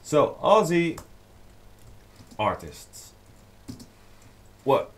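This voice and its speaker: Slow-talking male DJ on a livestream. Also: on the high side, big pitch swings, a little hiss or hum. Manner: rambling, many fillers, reading fan comments aloud. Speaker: DJ and producer livestreaming to fans. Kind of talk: casual livestream chat.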